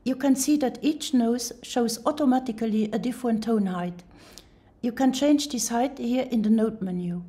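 A woman explains a music software tutorial in a calm, step-by-step voice-over. Her voice sits a little high but sounds soft and mellow. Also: normal speed.

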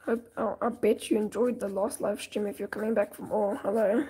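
A woman's voice: mid-range voice, fairly even intonation, fairly quick, mellow, slightly rough. A teenage girl casually chatting with viewers on a live stream while coloring, dramatic and chatty, often slipping into whispers.

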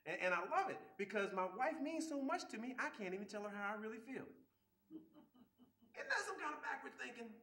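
A man giving a relationship seminar talk, animated, acting out quoted people and often repeating words as he starts sentences. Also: extremely high pitch, a little fast, roomy sound. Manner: acts out quoted people with voice shifts. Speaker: seminar speaker.

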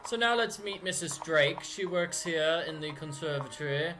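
A man's voice: a little high, expressive, music in the background. A man giving chatty, joking commentary while playing a video game. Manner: chatty, joking, drawn-out delivery. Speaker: let's play commentator. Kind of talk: casual gameplay commentary.

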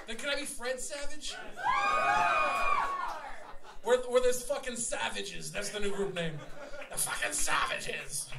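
A young man, a rapper fronting a live show, trading loud, profane, laughing banter with the crowd on a small theater stage. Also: very high-pitched, lively intonation, fairly quick, creaky, very noisy. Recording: echoey live room, mic heard from far, loud crowd.

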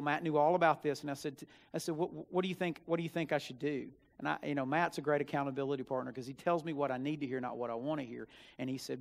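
A young male student minister with a fairly high voice tells a personal story from the pulpit. He slips from hushed asides into loud, emphatic bursts as he drives his points home. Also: fast, hardly any pauses. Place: church sanctuary.

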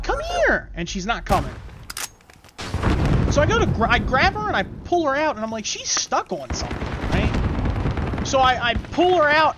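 A game streamer telling a rambling, profane story in casual chat while playing, with quick callouts to the match. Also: mid-range voice, very noisy. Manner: gives quick gameplay callouts. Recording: loud game gunfire behind voice. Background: shooter game gunfire and announcer callouts.

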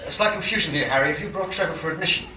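A man's voice: on the high side, racing, recorded from a distance, natural voice. An actor playing a fussy, hesitant male deputy superintendent at a care home in a film drama. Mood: flustered. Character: flustered officious male care-home administrator. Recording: echoey noisy old film soundtrack.

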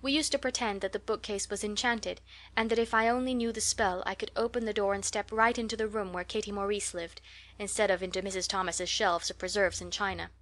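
A woman's voice: mid-range voice, steady tone, fairly quick, a bit bright, lightly acted. An eager little orphan girl of eleven pours out her daydreams in a breathless, romantic rush, as a woman reads her part. The voice sits in an ordinary middle register, full of wonder. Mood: wistful. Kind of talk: audiobook character reading.

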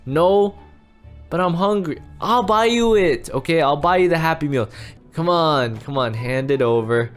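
A man playing himself in a comedic Minecraft roleplay, excitable and quick to exclaim and yell. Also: a little high, soft background music. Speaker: roleplay series creator and lead player.

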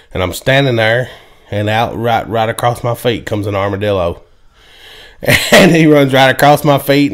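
A man hosting a casual football chat, laughing often and telling stories. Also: mid-range voice. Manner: laid-back, laughs often, drawn-out stories. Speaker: podcast co-host. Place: home, indoors.

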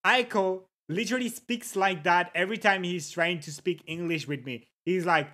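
Excitable streamer, native French speaker. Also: medium pitch, normal speed, hardly any pauses. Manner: excitable, laughs and swears, greets chat. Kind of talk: casual live-stream chat.

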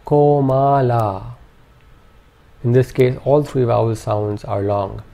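A man calmly narrating a pronunciation lesson with measured, precise enunciation. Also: fairly low pitch, creaky. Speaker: language teacher. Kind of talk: instructional narration.

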